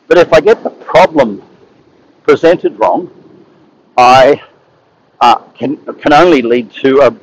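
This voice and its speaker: A man's voice: mid-range voice, a little hiss or hum, rough recording. A man telling stories in a casual monologue, rambling and often repeating and restarting his words. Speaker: speaker sharing advice.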